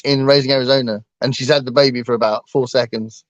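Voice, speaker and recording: A man's voice: mid-range voice, steady tone, quick pace, lo-fi sound. An English man chatting casually as a co-host, self-deprecating and laughing often. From England. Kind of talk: casual chat.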